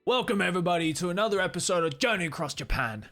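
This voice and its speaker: Man doing gruff British travel presenter. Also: high voice, animated, very fast, pushed and bright, soft background music, pitched above the performer's own voice, exaggerated voice. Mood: upbeat presenting. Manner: documentary-style narrator inflection.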